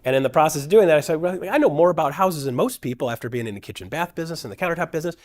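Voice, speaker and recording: A lively man telling his own story. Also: on the high side, rapid-fire. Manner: energetic, acts out quoted dialogue with shifting voices. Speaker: guest speaker at a real estate event. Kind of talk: personal storytelling talk.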